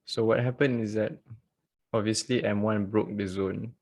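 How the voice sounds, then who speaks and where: Male trading teacher, low husky voice, unhurried, jokey live class on a video call. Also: fairly even intonation, darkish tone. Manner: joking, chatty, laughs often. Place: at home.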